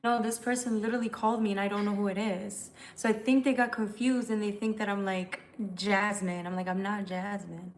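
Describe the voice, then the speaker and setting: A young woman at home chatting on a live stream, loose and profane, greeting viewers and answering their comments as they come in. Her voice sits at an ordinary middle pitch, with a faint hiss of noise behind it. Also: fairly even intonation, fairly quick, hardly any pauses. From United States. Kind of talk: casual live-stream chat.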